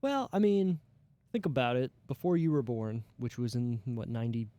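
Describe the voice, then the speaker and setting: A man hosting a casual TV review podcast, animated and swearing casually as he talks. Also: mid-range voice, normal speed, no echo, dull audio. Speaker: podcast host.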